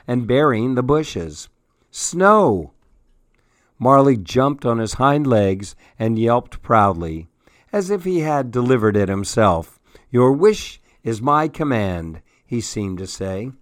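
Guy reading a kids storybook aloud, slow and expressive, dry close sound. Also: mid-range voice, dry recording. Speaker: radio story-hour host.

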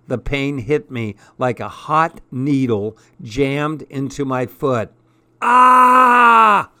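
A man reads a first-person story aloud in a measured, expressive narrating voice. He takes a slow, unhurried pace, and his voice sits at a middle pitch. The recording is close and dry, with no room sound. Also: dry recording. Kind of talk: audiobook narration.

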